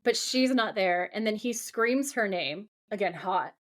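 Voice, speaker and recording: A woman co-hosting a podcast, gushing and excitable as she recaps a TV episode, swearing and laughing often. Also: medium pitch, a little slow. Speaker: podcast co-host. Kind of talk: casual episode recap chat.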